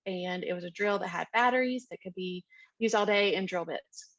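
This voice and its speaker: A woman's voice: medium pitch, normal speed, dry recording, lo-fi sound. Chatty woman telling a mission-trip story. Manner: chatty, full of "um" and "like", animated retelling. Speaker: mission trip team member. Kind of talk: casual storytelling in an interview.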